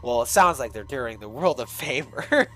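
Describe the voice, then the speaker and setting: A male streamer reading a creepy fan story aloud, animated and full of swearing asides. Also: mid-range voice, poor audio.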